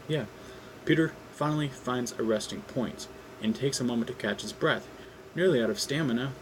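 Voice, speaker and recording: A man reading his own fan script aloud in a casual, hesitant way, full of ums and throat clearing. His pitch sits mid-range for a man. Faint background noise runs under the recording. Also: low-quality recording. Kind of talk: casual read-aloud narration.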